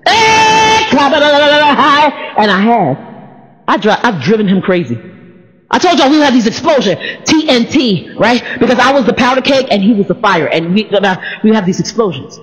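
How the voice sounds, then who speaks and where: A woman's voice: medium pitch, expressive, a little fast. A woman pastor preaching a playful sermon, stalling on p-sounds and calling out to the congregation. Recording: reverberant hall, dull sound.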